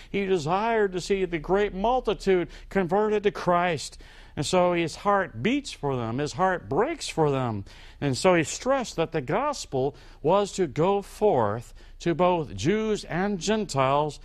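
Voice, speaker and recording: A pastor delivers a sermon slowly and emphatically, his voice climbing on key points and dropping low at the ends of phrases.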